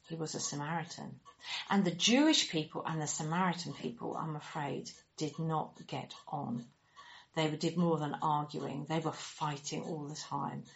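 A woman telling a children's story in an animated, expressive way, acting out the characters and making sound effects. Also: low voice, creaky. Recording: dull lo-fi recording.

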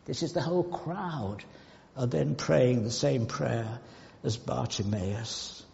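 A man preaching a sermon in a church, slow and emphatic, with sudden loud outbursts and hushed asides. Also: mid-range voice, creaky. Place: church hall. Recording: dull sound with long hall reverb.

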